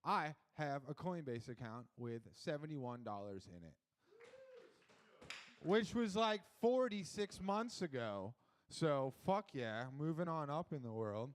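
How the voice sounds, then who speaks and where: Deadpan man doing crowd work. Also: a little high, unhurried. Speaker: stand-up comedian. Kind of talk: stand-up set. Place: comedy club stage.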